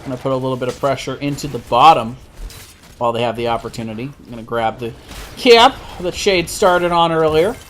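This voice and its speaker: A man doing live play-by-play commentary on an esports match, steady with frequent self-corrections. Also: mid-range voice, fairly quick, slight background noise. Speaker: esports caster.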